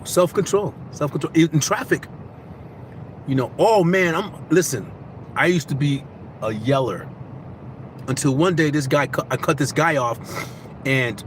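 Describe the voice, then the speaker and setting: A man vlogging casually, giving motivational life advice in animated, repetitive storytelling. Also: on the high side, normal speed, long pauses, a little hiss or hum.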